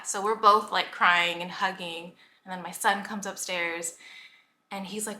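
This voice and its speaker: A woman's voice: medium pitch, fairly even intonation, moderate pace, pushed and bright. A woman in her thirties, chatting casually in a pregnancy vlog, emotional and a bit out of breath, with many filler "like"s. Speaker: health coach and vlogger. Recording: echoey room with faint noise.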